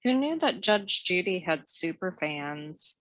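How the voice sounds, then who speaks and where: A woman's voice: fairly low pitch, big pitch swings, a little slow, fairly bright tone, no echo. A woman co-hosting a casual chat, playful and joking about herself. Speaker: podcast co-host. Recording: dry, dull lo-fi recording.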